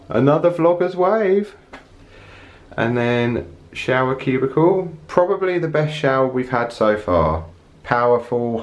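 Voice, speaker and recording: A travel vlogger tours and narrates to camera, chatting in a casual, informal way. His voice is low and reverberant.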